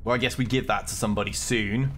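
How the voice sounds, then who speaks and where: This gameplay streamer speaks quickly in a lowish voice with fairly flat intonation. He's wired on coffee, chatty and jokey, and he reads in-game lines out loud as he plays live.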